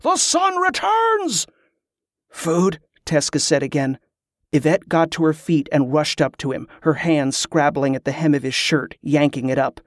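A man narrating a fantasy novel in a steady, measured way. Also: fairly high pitch, no room sound, clean studio sound. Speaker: audiobook narrator.

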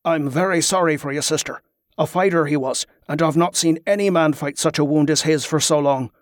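A man's voice: a little high, moderate pace, dry recording, studio quality, close to an everyday voice. A man voicing a devout, earnest acolyte who speaks with reverence. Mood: regretful. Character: devout, earnest male acolyte, fervent believer.

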